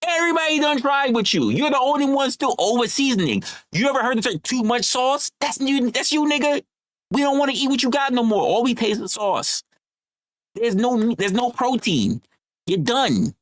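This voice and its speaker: Streamer scolding a viewer, profane and relentless, animated pitch, dry close sound. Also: moderate pace, no room sound. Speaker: livestream host. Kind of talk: heated livestream rant.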